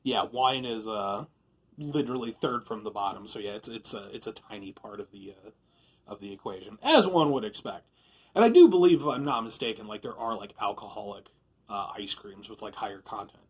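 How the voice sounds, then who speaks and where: A man hosting a casual food review vlog from a room at home, rambling and self-deprecating, with sudden loud bursts of enthusiasm. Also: lowish voice, lively intonation, brisk, slightly rough.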